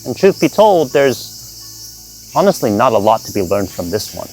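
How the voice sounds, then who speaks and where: A woman host narrating a comedy video in a wry, deadpan way. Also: very deep voice, measured pace, soft background music. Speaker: channel host.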